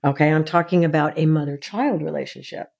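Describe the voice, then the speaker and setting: A middle-aged woman with a somewhat low, mellow voice, speaking as a guest expert. She explains in an earnest, teacherly way, counting through her points one at a time. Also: fairly quick, vocal fry. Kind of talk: explaining in an interview.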